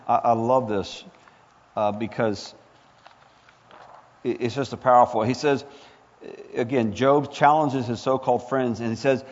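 With a steady, medium-pitched voice, a male preacher speaks a little slowly and leaves long pauses. Still, his sermon swells with passion into near-shouts and rhetorical questions. The hall echoes, and the sound is dull and lo-fi.

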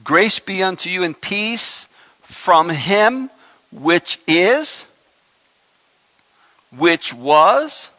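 A man's voice: sits high, animated, very slow, pauses often, sharp tone, no room sound, dull audio. A man preaching a sermon as pastor, emphatic, with joking asides to his congregation.

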